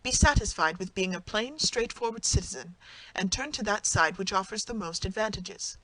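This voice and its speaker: An audiobook narrator voicing a passionate young woman who reproaches her husband indignantly, in a clear reading voice. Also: medium pitch, expressive, moderate pace, a bit bright, rough recording. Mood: reproachful.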